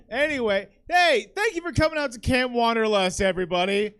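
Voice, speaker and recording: A man's voice: extremely high pitch, brisk, hardly any pauses, a bit bright, clear, resonant tone. A man hosting a comedy show, wrapping up with jokey, exaggerated announcements. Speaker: show host.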